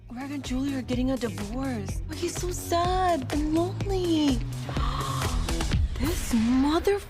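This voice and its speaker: A dramatic wife testing her friends with a fake divorce. Her high voice leaps all over the place. Loud music drives under the trailer dialogue. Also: sing-song, takes it slowly, full character voice. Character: scheming wife faking a divorce.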